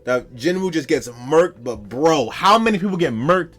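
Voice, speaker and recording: A man streaming live, reacting to comics in slangy, excitable talk to his chat. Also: fairly high pitch, moderate pace, soft background music.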